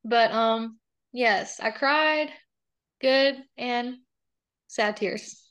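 A young woman chatting casually as an interview guest, telling stories in a lively way with lots of fillers. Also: fairly high pitch, very slow, clean tone. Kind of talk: casual chat.

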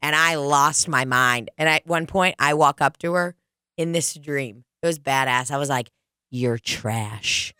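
A woman's voice: low voice, normal speed, bright, forceful tone, clean tone, no room sound, studio quality. A young adult woman hosting a podcast, telling a rambling, profane story in casual chat. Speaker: podcast host.

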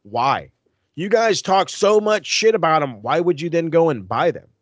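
A young man rants bluntly in casual podcast chat, swearing freely. His voice sits a little high, and the recording is dry and close. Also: normal speed, no room sound. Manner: blunt, profane, animated ranting. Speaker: podcast co-host.

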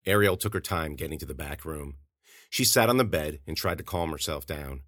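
A man narrating his own horror story in a measured, steady way as a podcast host. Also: a bass voice, no room sound, clean studio sound.

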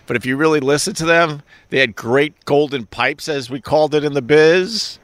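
Hosting a live stream, a middle-aged Long Island man chats casually at normal speed, rambling, cracking jokes, and swearing. His voice sits a little high with a fairly bright tone, and there's no echo.

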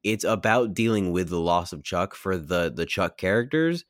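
A man co-hosting a podcast, chatting casually in a jokey, animated way with some swearing. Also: deep voice, moderate pace, no room sound, clean studio sound. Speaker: podcast co-host. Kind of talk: casual chat about a TV series.

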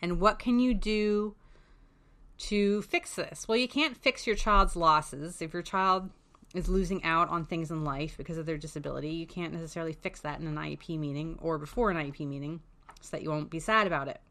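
Frank, lower-voiced woman giving advice. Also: a little fast, a bit bright. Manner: candid, frank, swears freely. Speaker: parent advocate. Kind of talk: casual advice talk.

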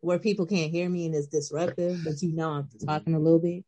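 A woman's voice: low-pitched, fairly even intonation, fast, dark tone. Woman, playful, chatty, casual podcast talk. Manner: playful, chatty, laughs often. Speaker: podcast co-host. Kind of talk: casual chat.

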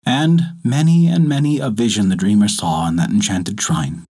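Husky-voiced male storyteller. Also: fairly low pitch, normal speed, a little mellow. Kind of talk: scripted narration.

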